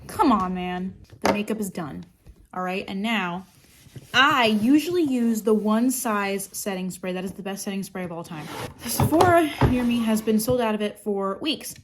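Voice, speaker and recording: Woman doing a get ready with me, rambly, sarcastic, swears a lot, mid-pitched voice. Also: lively intonation, moderate pace, noisy background. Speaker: makeup vlogger. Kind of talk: casual get-ready-with-me chat.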